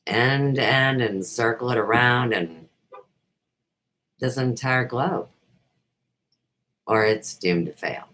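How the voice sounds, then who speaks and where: A woman's voice: rumbling low, takes it slowly, long pauses, fairly bright tone, poor audio. A middle-aged woman hosting a talk show, delivering a rambling, emphatic monologue. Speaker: host.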